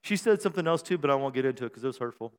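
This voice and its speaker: A middle-aged male pastor preaching a sermon on a church stage mic, joking and self-deprecating, then building to shouted praise. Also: mid-range voice, lively intonation, racing, clean tone. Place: church sanctuary. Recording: long hall reverb in a church.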